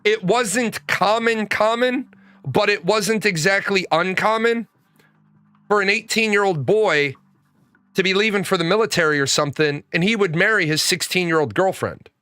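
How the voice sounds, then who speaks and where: A man's voice: sits high, moderate pace, bright, forceful tone, smooth, no room sound, faint music behind. A middle-aged man telling blunt, profane stories in a casual monologue as host.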